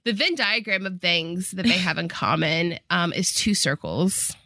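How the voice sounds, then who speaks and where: A woman's voice: on the low side, animated, measured pace, sharp tone, dry recording, studio quality. A young woman co-hosting a casual podcast, retelling a movie's plot with wry retorts and acted-out character lines. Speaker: podcast co-host. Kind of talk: casual chat recapping a movie.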